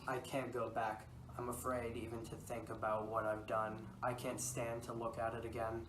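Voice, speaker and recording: A teenage boy playing a guilt-ridden lord who has just committed murder, reading in a flat, stumbling way for a school project. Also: medium pitch, normal speed, close to an everyday voice. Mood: fearful. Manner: reads lines flatly with stumbles and self-corrections. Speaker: student actor. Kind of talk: amateur school-project reenactment. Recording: echoey room from a distance, noisy.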